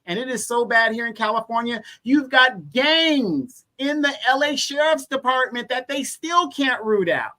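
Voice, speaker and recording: A man's voice: very high voice, expressive, unhurried, few pauses, bright, forceful tone. Earnest man hosting a live stream. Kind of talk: casual live-stream commentary.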